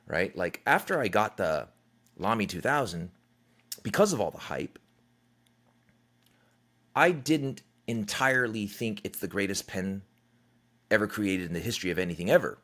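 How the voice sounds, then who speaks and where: Middle-aged guy rambling on his podcast, low voice, blunt and swears a lot. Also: sing-song, normal speed, long pauses, a bit bright. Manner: conversational and candid, swears freely, acts out quotes. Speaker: podcast host. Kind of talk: casual solo podcast monologue.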